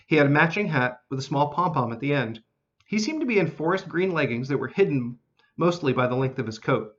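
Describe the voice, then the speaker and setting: A man narrating a children's storybook in an expressive, animated reading style. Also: mid-range voice, muffled recording.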